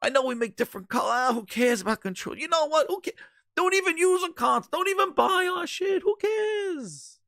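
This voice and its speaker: A man voicing a drunk male executive who slurs, stammers and rambles in a high, whiny voice. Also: expressive, normal speed, few pauses, dry recording, clean studio sound. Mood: rambling.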